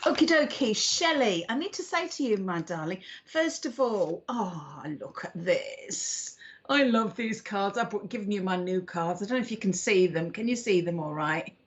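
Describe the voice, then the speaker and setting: A British woman co-hosts a live psychic stream in a mid-range voice, animated and at a moderate pace. Bubbly and affectionate, she greets viewers with endearments like "darling." The stream audio is dull and lo-fi.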